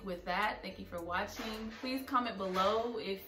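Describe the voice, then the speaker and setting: Young woman, heartfelt personal vlog, roomy echo, slightly distant mic, soft music behind. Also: medium pitch, normal speed. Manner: heartfelt, earnest, openly emotional. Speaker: vlogger. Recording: echoey room, a bit far from mic, soft music.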